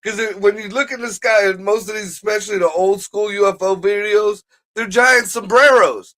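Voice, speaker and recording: A man's voice: high voice, fairly even intonation, moderate pace, a bit bright. A man co-hosting a casual livestream chat, rambling through theories and swearing as he goes. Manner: rambling, profane, laughs at his own jokes. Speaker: co-host.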